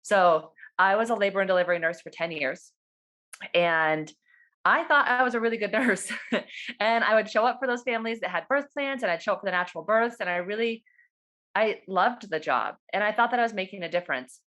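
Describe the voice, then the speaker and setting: Woman, doula, fast and animated storyteller on a video call, casual and excited. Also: mid-range voice, dull audio. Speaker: doula and birth worker.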